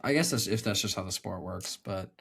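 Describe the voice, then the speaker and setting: Low-voiced man in casual podcast banter. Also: a little fast, creaky, a bit bright, slightly rough. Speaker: podcast co-host.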